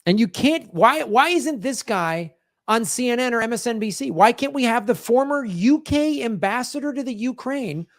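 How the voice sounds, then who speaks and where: A man's voice: extremely high pitch, expressive, moderate pace, dry recording, studio quality. A man hosting a political commentary show, talking emphatically, with many restarts as he reacts to clips. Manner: emphatic, rambling, talks over clips with restarts.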